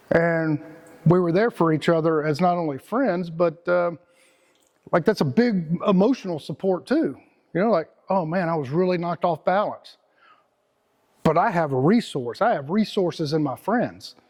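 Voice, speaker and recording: A man's voice: high voice, animated, unhurried, pauses often, darkish tone. A middle-aged man with a Texan accent giving a casual, rambling motivational talk as host, repeating words and using slang.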